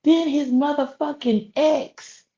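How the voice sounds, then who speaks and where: A woman doing casual live-stream gossip commentary, profane and animated, laughing often. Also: high voice, takes it slowly, creaky. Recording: slightly dull lo-fi audio.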